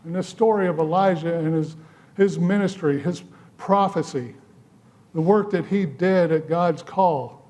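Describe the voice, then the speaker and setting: A man, a pastor preaching a sermon, telling a personal story with dry humor and measured pauses. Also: high-pitched, dark tone. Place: church sanctuary.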